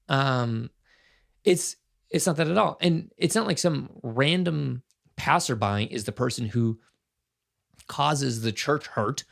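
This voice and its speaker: A man's voice: mid-range voice, measured pace, creaky, a bit bright. A man in his thirties hosting his own podcast, talking alone in an earnest, impassioned way and thinking aloud with frequent restarts. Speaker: podcast host. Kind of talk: casual solo podcast commentary.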